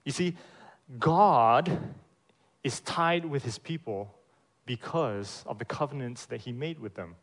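A man preaching a sermon in a church, emphatic, asking the congregation rhetorical questions and often checking in with "right?". His loudness swings between strong emphasis and quieter phrases. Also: mid-range voice, animated, unhurried. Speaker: pastor.

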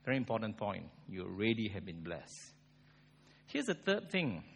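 A pastor preaches a sermon in an animated, conversational style, posing rhetorical questions. His lowish voice is creaky and slightly rough, at a moderate pace, and a long hall reverb fills the recording.

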